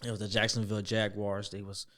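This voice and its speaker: A young man telling a story as a podcast guest, acting out the voices he quotes, dropping to near-whispers and then jumping up loud. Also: lowish voice, flat delivery, fast talker. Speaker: podcast guest, former football player. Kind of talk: storytelling in a casual interview.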